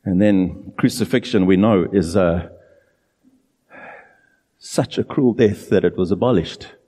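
A man preaching a sermon in an earnest, emphatic way, drawing out key phrases slowly. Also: deep voice, warm tone, breathy edge, in a large hall.

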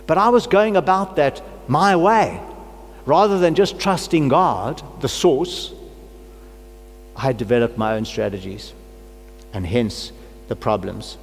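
A man's voice: mid-range voice, lively intonation, measured pace, creaky, faint music behind. A middle-aged man who is a pastor, preaching a personal sermon with earnest, fervent prayer and a cold. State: has a cold. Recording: long hall reverb, faint hum.

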